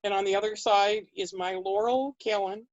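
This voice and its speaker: A woman guest in an interview, telling a story in a conversational way and acting out the quoted dialogue with big jumps in pitch. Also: fairly even intonation, moderate pace, no echo, muffled recording. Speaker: interview guest recounting history.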